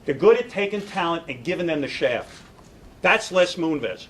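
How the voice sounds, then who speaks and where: A man's voice: a little high, lively intonation, normal speed, fairly bright tone, rough recording. Man, middle-aged, broadcaster at a press conference, indignant, sarcastic, faint background noise.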